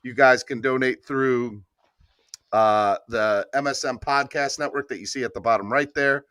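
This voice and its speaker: A man's voice: medium pitch, normal speed, a bit bright, no room sound. A man hosting a casual sports talk podcast, laughing often and urging listeners to donate. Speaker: podcast host. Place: Baltimore area.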